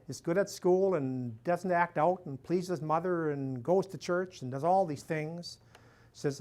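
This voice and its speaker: His voice runs on the high side and slightly mellow: an older priest giving a down-to-earth talk to people in the room. Jokes get his own chuckle, and "you know" and "and so on" fill the gaps.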